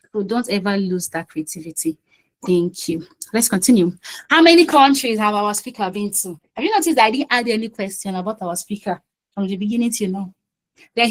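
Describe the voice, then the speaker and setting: Over a video call, a woman hosts and facilitates a casual online quiz, chatting and coaxing participants along and repeating phrases frequently. Her voice sits at medium pitch, and the recording quality is poor.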